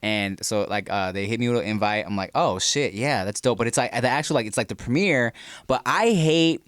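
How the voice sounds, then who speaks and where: A man's voice: mid-range voice, brisk, fairly bright tone, clean tone, no room sound. A laid-back man co-hosting a podcast, telling loose, rambling stories and reading ads. His voice is close and dry, with no room sound. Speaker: podcast co-host. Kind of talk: casual podcast chat and ad reads.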